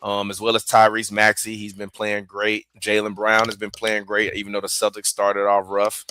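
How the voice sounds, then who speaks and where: A man's voice: lowish voice, completely flat delivery, moderate pace, pushed and bright, a little hiss or hum. A man co-hosting a casual talk show, arguing his point and then moving through the topics. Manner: argumentative, then steering topics like a moderator. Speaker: podcast co-host.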